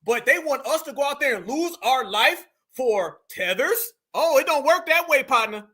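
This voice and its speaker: Male commentary host, very high pitch, confrontational preachy delivery. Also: lively intonation, moderate pace, sharp tone. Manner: preachy, confrontational, keeps calling listeners "fam". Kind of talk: heated reaction commentary.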